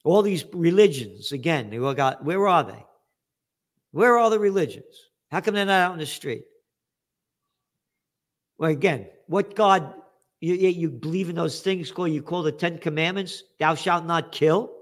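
A man's voice: a little high, moderate pace. A man, a guest author talking in a blunt, emphatic, streetwise way. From United States. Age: 70s. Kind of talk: animated interview talk.

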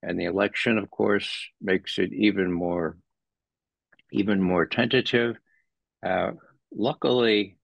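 A man commenting as a guest in an interview, animated and sardonic, rising sharply in pitch when he stresses a point. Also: vocal fry, no room sound. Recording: dull lo-fi dry sound.

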